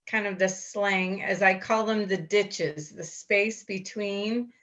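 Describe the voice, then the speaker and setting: A woman's voice: medium pitch, fairly even intonation, takes it slowly, a bit bright. A woman answering a question in an online workshop, searching for words with fillers and laughs. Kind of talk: casual chat.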